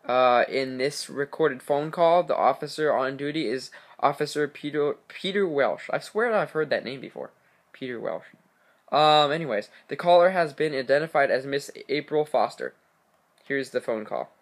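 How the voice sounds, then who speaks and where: A man's voice: medium pitch, expressive. Stammering young-sounding male storyteller. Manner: stammering, many fillers, fast reader. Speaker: channel host. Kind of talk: casual horror story reading.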